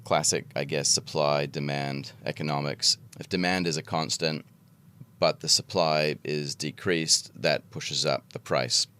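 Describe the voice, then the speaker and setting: A man with a very low, deep voice hosts a podcast conversation. He keeps things casual and playful, slipping in jokes and laughing as he goes. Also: fairly even intonation, unhurried, pushed and bright, clear, resonant tone. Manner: jokey, playful, laughs often. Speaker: podcast host. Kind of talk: casual interview chat.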